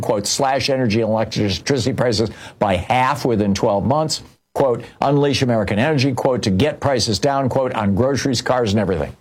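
A man's voice: medium pitch, slightly rough. An older man telling a personal story in political commentary, rambling with many restarts and fillers.

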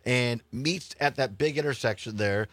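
Radio host guy chatting loose, quick laughs, dry studio sound. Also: mid-range voice, no room sound. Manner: laughs easily, animated retelling. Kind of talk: casual radio chat.

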